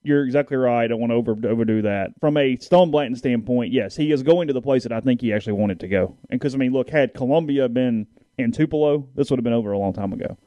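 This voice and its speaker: Mellow-voiced man on slightly dull audio. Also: mid-range voice, no room sound. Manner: halting, restarts while reading. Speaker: sports talk co-host. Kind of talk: casual sports talk.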